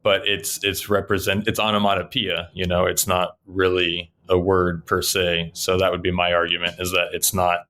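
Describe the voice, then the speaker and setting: Deep-voiced, chuckling man contributor. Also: normal speed, few pauses. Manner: laughs often, relaxed storytelling. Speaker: regular news contributor. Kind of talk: casual chat.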